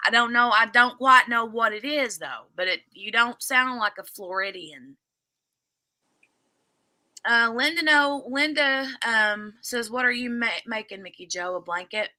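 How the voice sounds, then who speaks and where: A woman's voice: fairly high pitch, measured pace, bright, forceful tone, dry recording. A woman with a Southern US accent from the Kentucky–Indiana border, chatting casually on a craft livestream and reading viewer comments aloud. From southern Indiana near Louisville, Kentucky.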